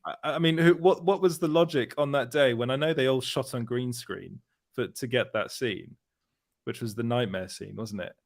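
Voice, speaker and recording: A man's voice: medium pitch, vocal fry. Laughing male podcast host. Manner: laughs often, quick restarts. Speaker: show host. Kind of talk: casual panel chat.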